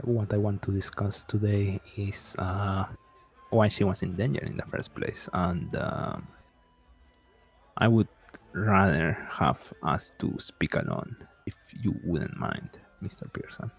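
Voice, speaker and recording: A man playing a formal, guarded bodyguard in a tabletop game, speaking in a slow, measured way. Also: lowish voice. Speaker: player. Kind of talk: in-character tabletop role-play.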